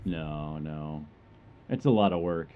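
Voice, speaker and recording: A man's voice: a bass voice, slow pace, phone-quality sound, slight background noise. A man giving casual, joking commentary while streaming a game, chatty and rambling as he plays.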